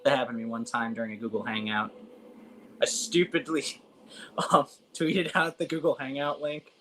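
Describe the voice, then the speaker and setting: Very low-voiced woman chatting casually. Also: steady tone, moderate pace, fairly bright tone, a little hiss or hum, poor audio. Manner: chatty, laughing, fond pop-culture asides. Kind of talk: casual watch-along chat.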